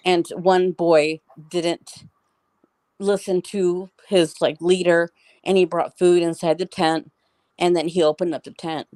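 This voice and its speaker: A woman's voice: lowish voice, flat delivery, a little slow, darkish tone, no echo. A middle-aged woman telling a story as an interview guest, in a rambling, casual way full of "like" and restarts.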